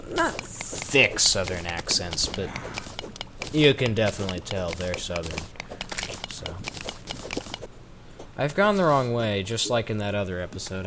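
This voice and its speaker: Pitched fairly low, a Southern American man narrates a let's-play into his desk mic, chatty and meandering, poking fun at himself along the way. Background noise is audible throughout.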